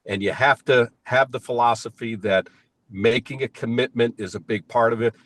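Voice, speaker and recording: A man's voice: mid-range voice, steady tone, moderate pace, fairly bright tone. An older man speaking from inside his car, giving emphatic, enthusiastic motivational answers about his sales work in an interview. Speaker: payments sales team leader.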